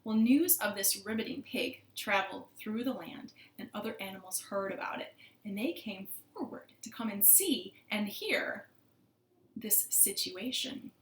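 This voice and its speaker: In an echoey room with slight background noise, a female librarian with a medium-pitched voice reads a picture book to children from her living room, going a little slowly. Her delivery is animated and playful, and she asks the kids questions.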